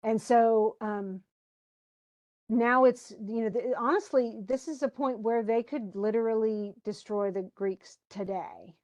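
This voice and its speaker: A woman casually retelling and discussing a book chapter in an animated, conversational way, as a teacher. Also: a little high, measured pace.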